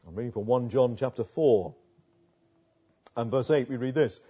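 A man's voice: mid-range voice, normal speed, warm tone, slightly rough, dull audio. A man preaching a sermon, emphatic, repeating words and asking rhetorical questions.

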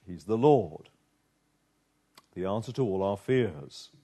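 A man preaching a sermon with a slow, dramatic delivery, pausing often and dropping low and soft for emphasis. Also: expressive, slightly rough.

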